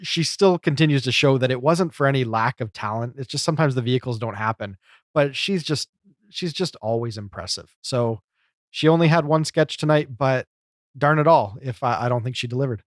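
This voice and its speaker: A man's voice: mid-range voice, a little fast, no room sound. A man co-hosting a podcast, musing through an episode review with lots of "you know"s. His voice sits mid-range and the recording is dry, with no room sound. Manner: talkative, analytical, many fillers. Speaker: podcast co-host. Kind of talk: casual chat reviewing a comedy show.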